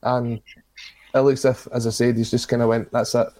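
Scottish male panellist, warm low tone, blunt opinions. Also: flat delivery, brisk. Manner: forthright, argumentative. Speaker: podcast panellist. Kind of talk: casual discussion.

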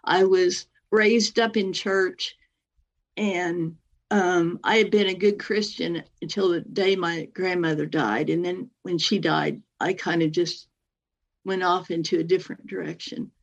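A rather low-pitched woman recounts her own story as an interview guest, rambling and circling back with fillers and "anyway". She keeps slipping into the voices of the people she quotes. The recording sounds dull and lo-fi. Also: measured pace, creaky. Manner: animated, acts out other people's words in quotes. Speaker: guest telling a personal story. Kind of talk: personal testimony storytelling.

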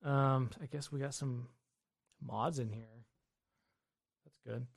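A man hosting a livestream from his basement, reading out chat questions and answering in a relaxed, offhand way. His voice sits at an ordinary middle pitch. The sound is close and dry, with no room echo. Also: takes it slowly, gravelly. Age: adult with wife and children. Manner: reads viewer questions aloud, then answers offhandedly. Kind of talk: casual live-stream chat. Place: home basement.

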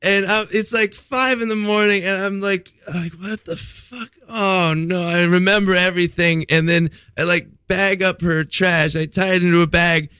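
An excitable man with a high, bright voice tells a comic story in casual talk. He acts out the dialogue and swears freely. The sound is close and dry. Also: moderate pace, hardly any pauses, smooth, no room sound. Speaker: podcast guest telling a story.

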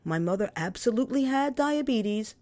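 A woman's voice: fairly high pitch, animated, moderate pace, warm tone. A woman reading her first-person memoir story aloud in a wry, candid, conversational way. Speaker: memoir narrator.

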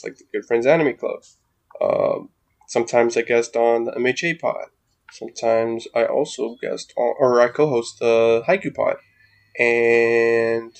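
A man's voice: medium pitch, a little mellow. A man guesting on a podcast, rambling and hesitant, with many uhs. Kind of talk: casual chat.

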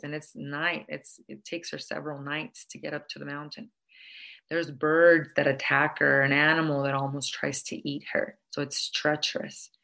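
Low-voiced woman telling a moral tale. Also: gravelly, fairly bright tone. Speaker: storyteller. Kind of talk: oral storytelling with a moral lesson.

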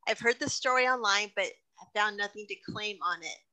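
A woman's voice: mid-range voice, a little fast, sharp tone, poor audio. A woman interviewer reading out listener questions and chatting casually.

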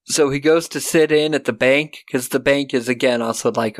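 Recapping a film with his podcast co-host, a man chats casually, laughs, swears, and performs lines in quick voices. His pitch is medium and his tone steady.

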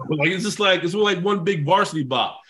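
A man, a former football player and guest, telling a story in a casual, animated way, swearing freely. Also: high voice, moderate pace.

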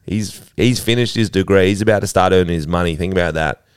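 A man voicing a crude, rambling English man who leaves a voicemail full of swearing and fumbling pauses. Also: low-pitched, smooth, no echo, clean studio sound, natural voice. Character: crude rambling English man, a brother giving bad news. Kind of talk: improvised comic voicemail bit.

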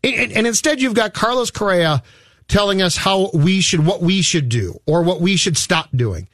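Exasperated man ranting on sports radio, with a high voice that swings widely in pitch. He hammers his points and acts out other people's lines. The studio sound is dry and close. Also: lively intonation, normal speed, a bit bright, dry recording. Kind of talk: sports talk radio banter.

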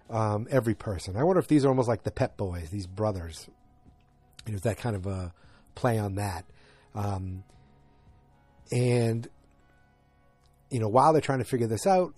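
A warm, medium-pitched man from north of Boston, USA, with a light Boston accent casually recaps a TV episode. He rambles with plenty of fillers and asides, and there's no echo.

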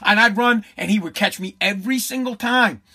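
A man in his forties rants bluntly and profanely through his commentary. His voice sits very high and sounds bright and tense. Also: a little fast, slightly rough. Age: 40s. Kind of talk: ranting commentary.

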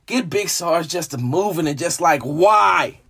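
A man hosting a solo sports show, talking in a dramatic, emotional way that jumps between hushed asides and shouting. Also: fairly high pitch, lively intonation, moderate pace, breathy edge. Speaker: sports podcast host. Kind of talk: animated solo sports commentary.

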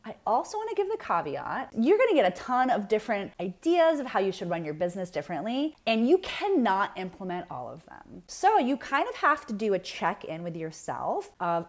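A woman giving reassuring, gentle advice to business owners. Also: a little high, very animated, a little fast, few pauses. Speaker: business coach. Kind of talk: encouraging advice talk.

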